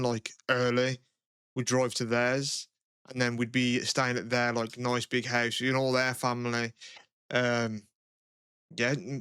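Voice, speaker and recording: A man's voice: medium pitch, fairly bright tone, smooth, dry recording, studio quality. A man co-hosting a podcast in casual chat, rambling, with a lot of "like" and swearing. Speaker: podcast co-host.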